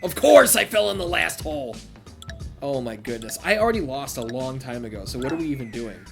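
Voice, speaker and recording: A man commentating his own video game playthrough, excitable and profane, shouting at big moves, with game music behind. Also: mid-range voice, fairly quick, creaky. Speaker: gaming youtuber. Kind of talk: let's-play commentary.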